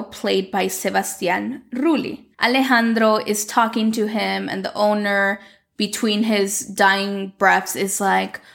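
A woman's voice: medium pitch, creaky. A young woman casually recapping a soap opera plot, chatty and full of "like", retelling the scenes. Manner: chatty, lots of "like", retells the dialogue. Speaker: telenovela recapper.

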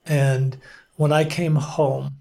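Slow-talking pastor sharing a testimony, male. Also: a little high, flat delivery, gravelly, darkish tone. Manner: earnest, unhurried storytelling with frequent pauses. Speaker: pastor, interview guest. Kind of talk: personal testimony in conversation.

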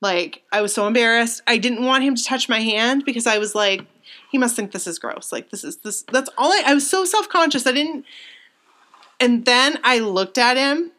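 A young woman co-hosts a casual chat, her voice a little high and her speed normal. She retells a story excitedly and emotionally, rambling with lots of fillers and restarts.

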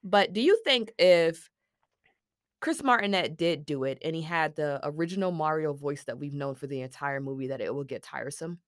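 Animated New woman co-host. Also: sits low, normal speed, no room sound, studio quality. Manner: animated, exclaiming, slangy. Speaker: podcast co-host. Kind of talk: casual movie review chat.

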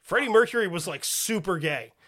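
A man's voice: high-pitched, animated, brisk, fairly bright tone. Profane joking male podcast host. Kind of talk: casual chat.

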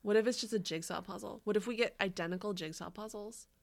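A woman's voice: medium pitch, fast, vocal fry. A woman co-hosting a podcast in casual chat, rambling and giggly, swearing now and then. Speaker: podcast co-host.

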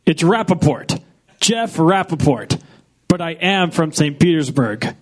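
A man's voice: fairly high pitch, lively intonation, a little slow. An actor playing a nervous man who fakes a clumsy Russian accent in a comedy radio play. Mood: confessing.

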